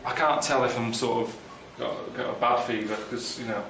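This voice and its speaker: A man grumbling to camera on a trip, moaning in a deadpan way about everything that goes wrong. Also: medium pitch, moderate pace. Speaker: reluctant traveller. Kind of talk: grumbling travel diary to camera. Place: outdoors on a busy travel trip. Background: background music.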